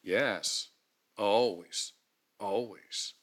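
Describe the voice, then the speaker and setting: A man preaching a sermon, dramatic and animated, acting out scripture scenes with emphatic pauses. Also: fairly low pitch. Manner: dramatic, voices the angel with thunderous emphasis. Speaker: pastor.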